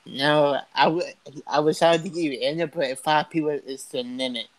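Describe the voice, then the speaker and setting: A man's voice: on the high side, fairly even intonation, normal speed, no echo, poor audio. A man hosting a casual podcast with a friend, talking loosely and rambling. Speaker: podcast host. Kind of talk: casual chat.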